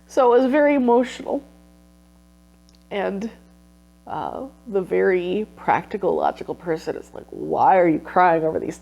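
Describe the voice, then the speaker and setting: A woman's voice: lowish voice, gravelly, warm tone. A woman recapping her research in a casual vlog, emotional and sniffling at times. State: teary, sniffling. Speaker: vlogger and textile researcher.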